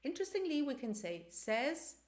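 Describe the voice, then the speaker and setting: A woman's voice: sits high, big pitch swings, moderate pace. A woman teaching a language lesson, explaining carefully and repeating example sentences. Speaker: Greek teacher.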